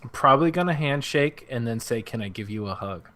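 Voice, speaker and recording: A man's voice: mid-range voice, expressive, a little fast, bright, forceful tone. A man co-hosting a fan podcast, telling rambling, self-mocking stories in casual chat. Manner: rambling storyteller, laughs at himself. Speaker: podcast co-host.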